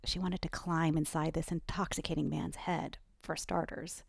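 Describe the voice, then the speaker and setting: A woman narrating her own novel aloud in an expressive way. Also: low-pitched, moderate pace, gravelly, breathy edge, no echo.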